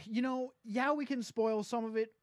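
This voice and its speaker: Man, casual movie review chat, high voice, dry close sound, laid-back, swears. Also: no room sound. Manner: swearing, laid-back storytelling, quick asides. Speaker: podcast co-host.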